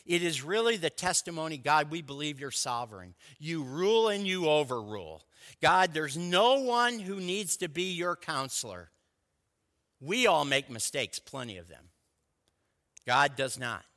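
A male pastor delivers his sermon in a bright, animated voice that moves a lot in pitch. He speaks slowly, with deliberate emphasis, and his words ring out with a long hall reverb around them. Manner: animated preaching with slow emphatic stresses. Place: church sanctuary.

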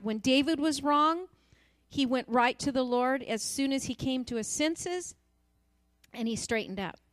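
Woman giving a sermon, kinda high pitched, earnest and emphatic, dry sound. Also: no echo. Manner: earnest, emphatic, with repeated phrases. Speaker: preacher.

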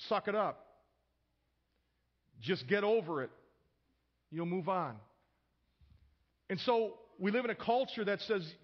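A man's voice: sits high, highs cut off. A man preaching a sermon in a conversational way, telling a personal story and often repeating words as he starts sentences. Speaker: pastor.

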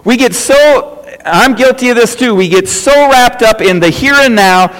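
Middle-aged male pastor, high-pitched, conversational sermon, repetitive and questioning, echoing sanctuary. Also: normal speed, a bit bright. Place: church sanctuary. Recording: reverberant church hall.

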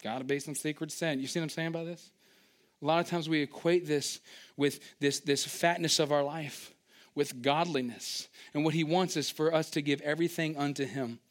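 A man preaching a sermon, animated and storytelling, who acts out little scenes with sudden high-pitched outbursts and drops into quiet asides. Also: moderate pace. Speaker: pastor.

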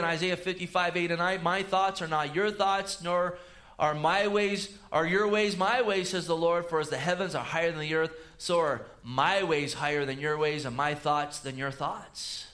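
A man preaching a sermon, swinging between loud emphatic rises and low quiet asides. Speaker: pastor.

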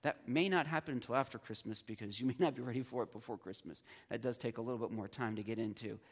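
Male teacher, mid-pitched voice, chatty classroom delivery that acts out student reactions. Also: fast talker, slightly rough.

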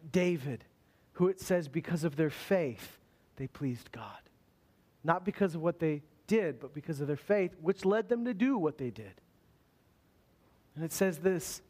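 A pastor preaching a sermon, speaking conversationally with asides to the congregation and slowing down to read scripture. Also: male voice, sits high.

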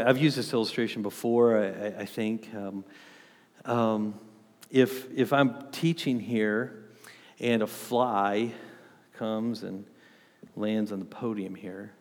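A pastor in his thirties preaches to his congregation in a relaxed, conversational way, often pausing to ask his listeners "right?". His voice rings out with the long echo of a church hall. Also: fairly low pitch. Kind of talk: sermon. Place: church with a podium.

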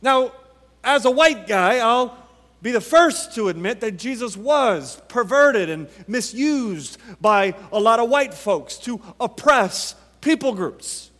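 A man preaching a sermon, emphatic and fond of repeated rhetorical questions with dramatic pauses. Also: extremely high pitch, animated, fairly bright tone. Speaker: pastor. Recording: long reverb from a large hall.

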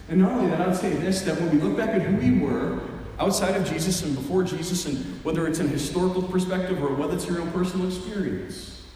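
A man's voice: on the high side, dark tone, a little hiss or hum. A man preaching a sermon as pastor, earnest, acting out prayers aloud, on a headset mic. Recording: very echoey hall, faint ambience.

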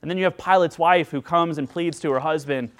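At a fairly quick pace, a pastor preaches earnestly to his congregation, giving voice to quoted figures with increasing pitch and loudness.

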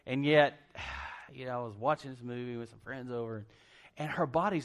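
A man's voice: medium pitch, brisk, fairly bright tone. A male pastor preaching in a conversational, joking way, full of asides and restarts as he tells a Bible story. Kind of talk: conversational sermon.

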